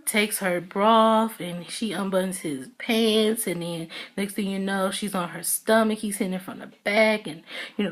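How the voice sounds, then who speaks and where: A woman's voice: mid-range voice, fairly bright tone. A woman vlogger casually recapping a TV episode, chatty, acting out characters' lines with lots of fillers. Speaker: TV episode reviewer. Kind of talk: casual chat.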